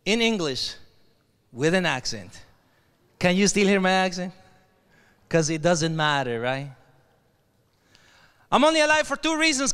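A man with a Mexican Spanish accent giving an energetic motivational keynote to a crowd, leading call-and-response chants with bursts of shouting. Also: very high-pitched, clean tone. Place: large hall at a leadership conference. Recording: echoey hall, long reverb.

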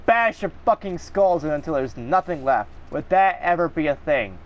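A man's voice: a little high, expressive, normal speed, few pauses. A man giving live gameplay commentary, swearing and ranting angrily at the game. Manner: profane, angry ranting at the game. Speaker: gaming video creator.

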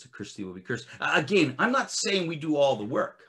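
A man preaching a sermon as a ministry director, swinging from loud emphatic bursts to quiet scripture reading, with frequent restarts. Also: fairly high pitch, big pitch swings, a little fast. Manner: restarts and filler uh often.

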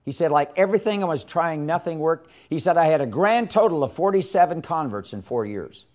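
A man teaching a session on evangelism in a sermon style, telling a story with strong emphasis and dropping to hushed tones when quoting. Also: a little high, expressive, a little fast. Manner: impassioned, swings from loud emphasis to hushed quoting.

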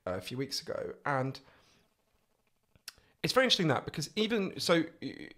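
A man with a posh English accent, a guest author telling animated, profane stories in casual podcast chat. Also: on the high side, brisk. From England. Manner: animated, swearing storyteller.

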